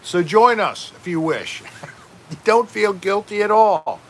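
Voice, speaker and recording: A man's voice: sits high, expressive, takes it slowly. A man hosting a casual home livestream, rambling and joking while reading out chat names. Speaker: livestream host.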